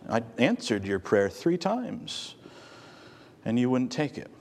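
A man preacher voicing God, speaking slowly and quietly with patience. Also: medium pitch, big pitch swings. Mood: patient. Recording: long hall reverb.

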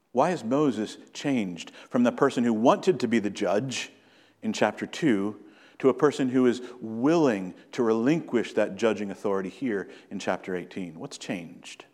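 A male pastor preaching a sermon in an earnest way, slowing down and lifting his voice to stress key points. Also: fairly low pitch, darkish tone. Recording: long hall reverb.

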